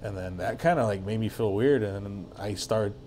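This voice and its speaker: A man's voice: lowish voice, moderate pace, darkish tone, a little hiss or hum. A man guesting on a podcast, telling a story in a rambling, casual way full of filler words and swearing.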